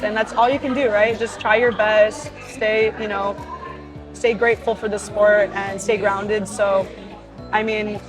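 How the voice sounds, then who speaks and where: A young woman from Hawaii chats about her sport in a casual Q&A, upbeat and loose, full of "like" and "you know". Her voice sits at an ordinary middle pitch. Clear music plays underneath her. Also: low-quality recording. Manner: chatty and upbeat, with many fillers like "like" and "you know". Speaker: professional volleyball player. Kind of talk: casual Q&A, reading fan questions aloud and answering. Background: background music.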